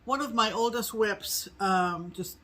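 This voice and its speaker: A middle-aged woman from New England co-hosting a casual chat, rambling slowly with many ums. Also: medium pitch, a bit bright, poor audio. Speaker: co-host.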